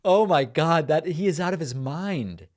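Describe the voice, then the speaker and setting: Animated man mocking political clips on a live stream. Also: on the high side, unhurried. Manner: incredulous, mocking, reads viewer comments aloud. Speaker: political commentary host.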